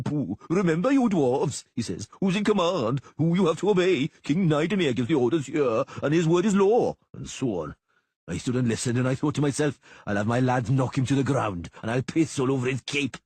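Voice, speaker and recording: A man's voice: mid-range voice, darkish tone, husky, no echo, pitched above the performer's own voice. A man voicing a stocky, blunt, crude-talking male dwarf in an audiobook.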